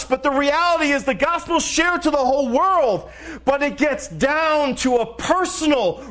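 A man's voice: extremely high pitch, fairly bright tone. A middle-aged man preaching a sermon as pastor, emphatic, repeating phrases and calling out to the congregation.

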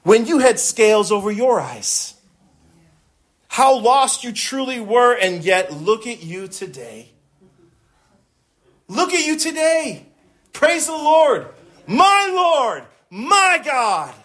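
High-voiced emphatic male preacher. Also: very animated, slow pace, long pauses. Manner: emphatic, repeats words, rises to shouts and cries on scripture. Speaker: pastor. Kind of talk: sermon.

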